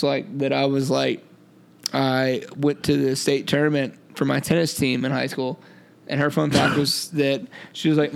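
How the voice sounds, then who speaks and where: A man's voice: medium pitch, gravelly, clean tone. A young man co-hosting a casual podcast, talking in a laid-back, joking way with lots of fillers. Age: young adult. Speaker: podcast co-host. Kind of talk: casual chat.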